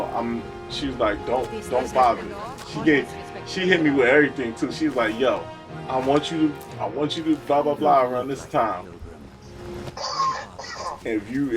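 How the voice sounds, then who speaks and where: A young adult man streaming a game, telling a rambling, profane personal story in a casual chat. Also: mid-range voice. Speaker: gaming streamer. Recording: distant mic with loud game music.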